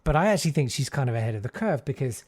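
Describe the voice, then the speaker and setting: A man's voice: mid-range voice, very animated, rapid-fire, darkish tone. A middle-aged man from Southeast London with a friendly, posh-sounding voice, chatting as a comedian guest and telling stories with self-deprecating humour. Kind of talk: casual interview chat.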